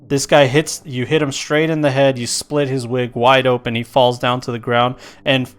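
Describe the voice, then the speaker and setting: A man narrating a tabletop role-playing game as game master, animated and laughing often. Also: medium pitch, moderate pace, clean tone.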